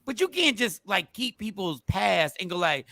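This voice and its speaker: Excitable high-voiced male show host. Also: normal speed, gravelly, dry recording. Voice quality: voice he calls irritating. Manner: excitable, animated, emphatic. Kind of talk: casual morning show talk.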